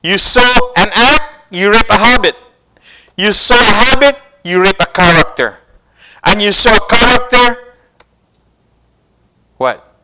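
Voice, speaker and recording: A man's voice: high-pitched, lively intonation, takes it slowly, long pauses, very noisy. A man preaching a sermon, asking the congregation questions and repeating key phrases.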